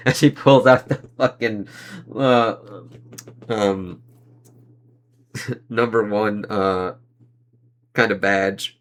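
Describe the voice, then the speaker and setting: A man's voice: on the low side, steady tone, drawn-out words, long pauses. A man casually reviewing a comic book, reading its panels aloud in playful put-on voices, laughing and swearing as he goes.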